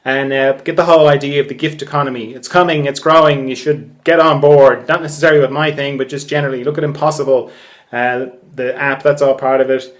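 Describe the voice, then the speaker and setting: Rambling Irish podcast host, joking. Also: male voice, mid-range voice, steady tone, fairly quick. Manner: rambling, joking, swears freely, laughs at himself. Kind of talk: casual solo podcast monologue.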